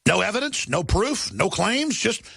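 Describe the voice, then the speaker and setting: Gravelly ranting radio host man. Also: high-pitched, very animated, normal speed, sharp tone. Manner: ranting, mocking, shifts into sneering put-on voices. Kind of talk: combative talk radio monologue.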